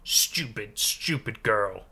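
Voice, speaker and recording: A man voicing a tiny, fierce old woman who barks sharp commands and scolds, read within a spooky storybook narration. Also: fairly low pitch, expressive, slow pace, vocal fry, husky, exaggerated voice. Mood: scolding.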